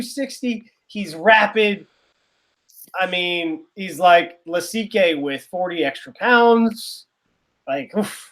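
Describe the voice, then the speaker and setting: A man co-hosts a podcast in casual conversation, rambling and sarcastic and often trailing off. His voice sits high and is slow and a bit bright.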